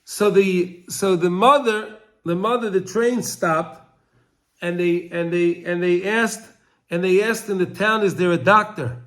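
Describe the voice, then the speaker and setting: A man's voice: sits high, fairly even intonation, slow. A man teaching a Torah lesson through a story, talking emotionally and stumbling over repeated words, crying out the pleas of the people in the story.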